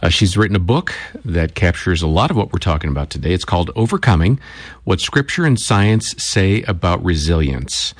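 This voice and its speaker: A man with a low, husky voice introduces the guest on a radio show. He reads in a steady, measured announcer style, and the studio sounds dry. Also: no echo. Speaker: radio co-host.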